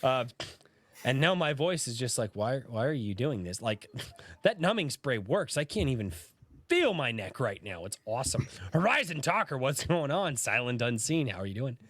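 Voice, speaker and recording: A man with a lively, swooping voice hosts a casual livestream while he is sick, his throat sore and a cough breaking in. He greets people by name with upbeat energy. The sound is dry and close. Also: mid-range voice, normal speed, dry recording. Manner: animated, greets chat by name, laughs through coughs. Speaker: podcast host.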